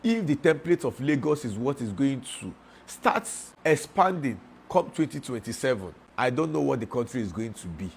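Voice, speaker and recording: A man's voice: medium pitch, very animated, moderate pace, creaky, a little hiss or hum. A man giving emphatic political commentary.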